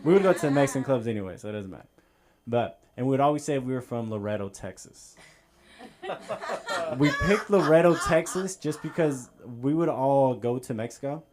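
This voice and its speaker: A man's voice: mid-range voice, expressive, fairly quick, crowd noise. Man, stand-up comedian, rambling storyteller, comedy club stage. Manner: storytelling, loose and rambling with fillers. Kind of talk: stand-up set.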